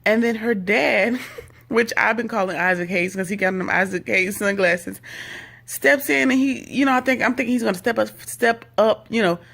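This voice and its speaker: A woman's voice: mid-range voice, normal speed, gravelly, fairly bright tone. A woman chatting casually as she recaps a reality TV episode, full of sassy, gossipy asides.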